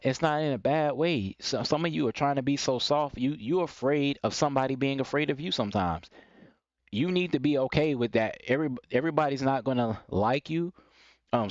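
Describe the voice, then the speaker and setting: A man's voice: medium pitch, no room sound, lo-fi sound. A man giving blunt, repetitive advice in a live stream monologue. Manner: blunt, preachy, repeats points, mocks timid phrasing in quoted voices. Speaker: live stream host giving dating and self-improvement advice.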